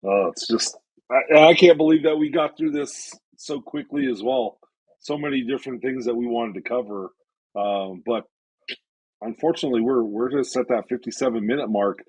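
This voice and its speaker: A man's voice: mid-range voice, moderate pace, darkish tone, husky, no echo. A man co-hosting a casual podcast chat, telling a story in a laid-back, hesitant way. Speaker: podcast co-host. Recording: dull, dry lo-fi recording.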